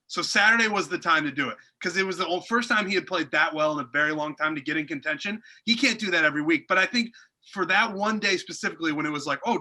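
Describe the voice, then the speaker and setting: A man's voice: a little high, pushed and bright. A man co-hosting a podcast in casual chat, rambling with lots of fillers. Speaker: podcast co-host.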